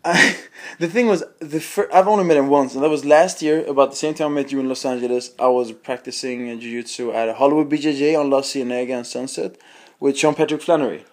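A man's voice: mid-range voice, fairly even intonation, fairly quick. A man hosting a podcast, telling a story in casual chat and laughing often between lines. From Sweden. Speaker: podcast host.

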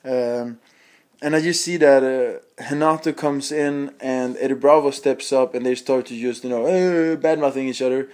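A man hosts a casual podcast chat in a laid-back, crude way. His voice is mid-range and a little mellow, with fairly even intonation at normal speed.

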